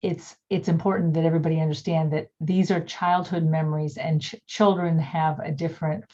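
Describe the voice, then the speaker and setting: An older woman reflectively telling a personal childhood story over a video call, pausing with many fillers. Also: low-pitched, steady tone, dark tone, lo-fi sound. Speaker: workshop participant.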